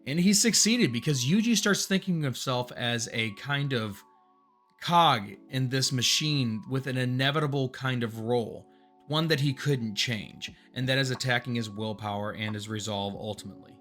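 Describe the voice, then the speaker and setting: A man casually recapping a manga chapter in an earnest, rambling way, getting louder and more excited at the big moments. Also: medium pitch, moderate pace, soft background music. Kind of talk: casual story recap commentary.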